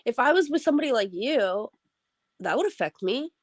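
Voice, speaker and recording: A woman's voice: fairly high pitch, expressive, fairly quick, no echo, clean studio sound. A woman bantering casually in a laid-back, teasing way.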